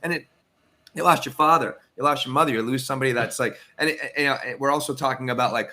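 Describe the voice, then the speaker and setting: A man with a bright, forward voice in the middle range talks on a podcast in an animated, rambling way, leaning on fillers as he thinks aloud. His tone stays open and eager. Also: mid-range voice, quick pace. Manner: animated, filler-heavy, lots of "like" and "you know". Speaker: podcast co-host. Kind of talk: casual podcast discussion.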